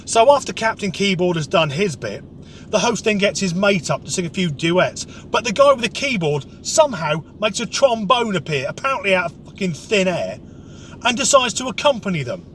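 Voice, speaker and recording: A man's voice: sits high, very animated, normal speed, fairly bright tone, slight background noise. A man telling a comic rant story, sweary, sarcastic and exasperated. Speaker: comedic vlogger.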